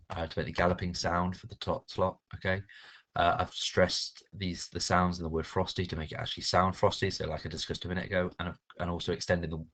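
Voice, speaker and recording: A male primary school teacher, giving a recorded lesson in a clear, encouraging way and reading a poem aloud with strong stress on its words. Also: sits low.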